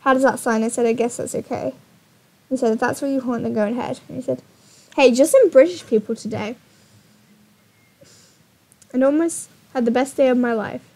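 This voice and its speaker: A woman's voice: sits high, moderate pace, pauses often, mellow. A young woman YouTuber telling a dating story in a casual, exasperated vlog style, often laughing.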